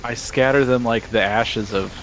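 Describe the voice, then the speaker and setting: A man's voice: medium pitch, moderate pace, a bit bright, slight background noise. A young man, a podcast co-host, chatting casually during a live gaming stream and telling a rambling story, laughing mid-sentence.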